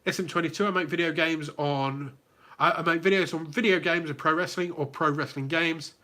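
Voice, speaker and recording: A man's voice: fairly high pitch, fairly even intonation, a little fast, pushed and bright. A man with a British accent hosting a YouTube livestream Q&A, reading out viewers' comments and greeting them by name in a chatty way. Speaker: YouTube channel host.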